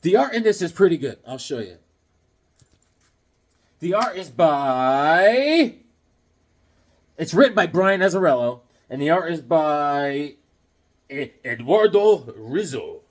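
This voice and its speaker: A man's voice: on the high side, takes it slowly, long pauses. A man casually telling a childhood story and showing comics from his collection, acting out yelps and other voices along the way. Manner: animated, acts out voices and yelps mid-story.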